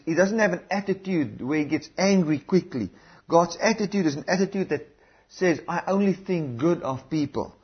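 A man's voice: on the high side, husky, dull audio. A man preaching a sermon in an earnest, repetitive way, calling out hallelujahs.

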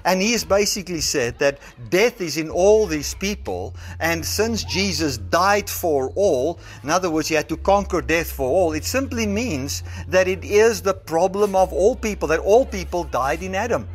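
A South African man delivers a sermon in a slightly higher voice. He reasons through a passage step by step and slows down to stress the scripture he quotes. The sound comes from a phone recording made in a church. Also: lively intonation, husky. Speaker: preacher.

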